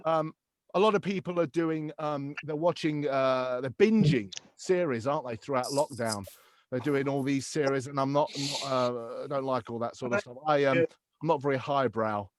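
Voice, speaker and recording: A man's voice: medium pitch, moderate pace, no room sound. A man doing a chatty, rambling stand-up comedy set over a video call, often laughing at his own jokes.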